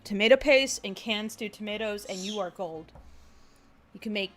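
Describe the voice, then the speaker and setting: A woman's voice: mid-range voice, moderate pace, a crowd in the background. A woman hosting a casual livestream, talking animatedly with lots of laughing and "like". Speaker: comic artist and animator, stream host.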